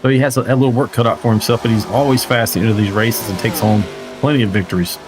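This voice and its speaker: A man's voice: on the low side, fairly even intonation, quick pace, over music. A man doing live play-by-play commentary of a simulated stock car race, chatty and joking, reading out viewer chat as he goes. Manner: conversational, reads viewer chat aloud, joking asides. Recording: race car engine noise behind. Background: racing car engines.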